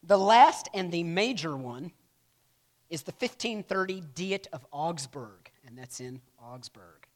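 A man's voice: on the high side, lively intonation, measured pace. A man teaching a church history class in a casual lecture style, often checking in with "right?" and acting out quotes. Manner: casual, peppers lines with "right?"; acts out quotes in playful voices.

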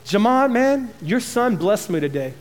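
A man pastor preaching a passionate sermon, rising to loud emphasis and dropping to slow, quiet lines. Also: high voice, very animated, soft background music.

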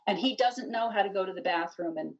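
A middle-aged woman telling her story in an interview, animated and rambling, full of restarts and "you know.". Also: mid-range voice, quick pace. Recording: distant dull lo-fi mic.

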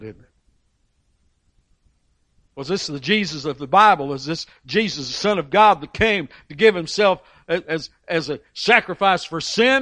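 Reading scripture in an emphatic sermon, this man slips briefly into the voices of the story's characters. His voice is a little high and a bit bright, recorded without echo.

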